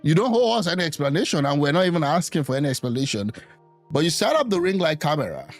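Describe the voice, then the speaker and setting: A man's voice: fairly high pitch, sing-song, fast, soft background music. A man hosting a reaction video, commenting on a clip in a teasing, incredulous way and laughing often.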